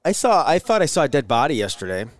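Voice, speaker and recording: A man's voice: mid-range voice, fast, no room sound. A man co-hosting a talk show in casual chat, telling stories with dry jokes. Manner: dry joking, animated storytelling. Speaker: podcast co-host.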